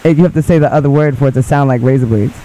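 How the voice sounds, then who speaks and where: A man's voice: mid-range voice, rapid-fire, dark tone, slight background noise, low-quality recording. A man co-hosting a radio show who jokes and laughs often during casual studio banter. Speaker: radio co-host.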